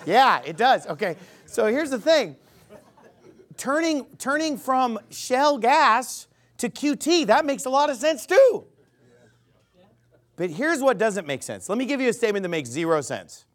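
A man's voice: very high voice, very animated, measured pace, fairly bright tone. A man preaching a sermon, emphatic, quizzing the crowd with rhetorical questions.

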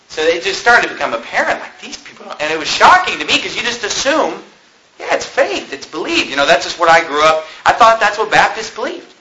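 Male preacher, sermon storytelling; casual "okay?" tags, dry humor, pitch swinging widely. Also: very animated, a little fast, pushed and bright, rough recording. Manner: conversational, peppers talk with "you know" and "okay?"; wry, joking asides.

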